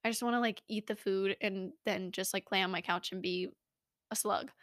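A woman's voice: medium pitch, steady tone, normal speed, a bit bright, no echo. A young woman hosting a podcast, rambling in a casual, self-mocking way, recorded close in a small home studio. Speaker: podcast host. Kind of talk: casual chat.

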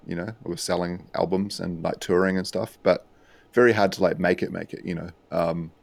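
Low-voiced New Zealand man, dry sound. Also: fairly quick, creaky, dry recording. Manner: relaxed, rambling with many fillers. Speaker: music producer and DJ guest. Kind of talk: casual podcast chat.

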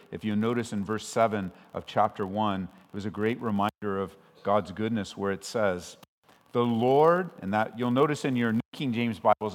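A man from Southern California preaching a sermon as pastor, conversational with frequent restarts, swelling loud when he quotes scripture. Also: on the low side. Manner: conversational and self-interrupting, with restarts. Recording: long hall reverb.

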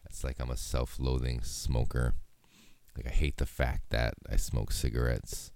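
A young man from Hawaii hosts a solo podcast, rambling in a laid-back way and swearing constantly. His very deep voice is gravelly, steady, and a little mellow, unhurried, on a dry recording.

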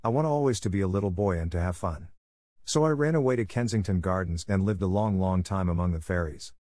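A man voicing Peter Pan, a boastful, cheeky boy who is quick to grow impatient, in a storybook reading. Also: deep voice, darkish tone, no room sound, close to an everyday voice. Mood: passionate.

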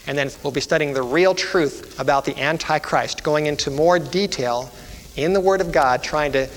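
A man's voice: a little high, moderate pace, slight background noise. A male preacher leading a prophecy seminar, telling a story with fervent, rhythmic repetition and calls of amen and hallelujah. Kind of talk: evangelistic sermon with storytelling. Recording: echoey hall, faint music.

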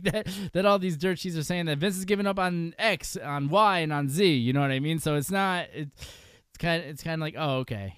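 A man's voice: on the high side, clear, resonant tone, dry recording, studio quality. A man hosting a casual podcast chat, loose and profane, laughing often and restarting his sentences. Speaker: podcast host.

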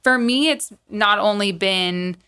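A woman's voice: mid-range voice, slow, bright, forceful tone, clean tone. A woman who trains horses, chatting casually as a guest with lots of fillers and restarts. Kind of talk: casual podcast conversation.

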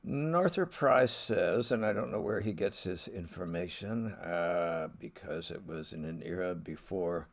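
Slow, wry male lecturer. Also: sits low. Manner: wry, reads quoted lines aloud. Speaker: podcast lecturer on literature. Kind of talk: conversational literary lecture.

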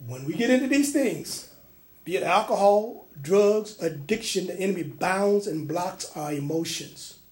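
High-voiced man preaching in church. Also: animated, unhurried. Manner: swings between loud preaching and quiet storytelling; many restarts and fillers when telling stories. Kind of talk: sermon.

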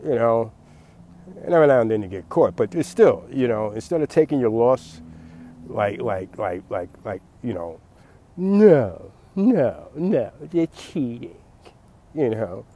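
A man's voice: lowish voice, lively intonation, moderate pace, warm tone. A man giving a late-night rambling monologue, repeating words and laughing at his own jokes.

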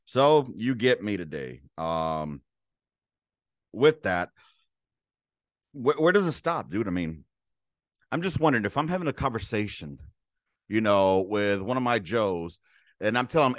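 Male solo podcast host, low-pitched, dry close sound; profane rambling rants. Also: lively intonation, unhurried, long pauses, dry recording. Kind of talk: casual ranting monologue.

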